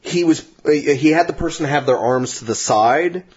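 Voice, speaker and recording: A man's voice: a little high, moderate pace, darkish tone. A man co-hosting a podcast, explaining things step by step in casual chat. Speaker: podcast co-host. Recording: dull lo-fi podcast audio.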